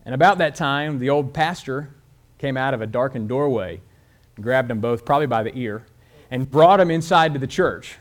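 A man preaching a sermon, telling a story and speeding up and slowing down as he goes. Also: medium pitch, animated. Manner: storytelling with shifts of pace and loudness. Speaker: pastor.

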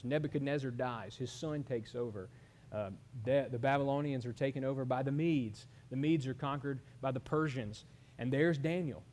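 A man's voice: medium pitch, darkish tone. Earnest preaching man in his thirties. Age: 30s. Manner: earnest preaching with rhetorical questions to the congregation. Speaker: pastor. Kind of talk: sermon.

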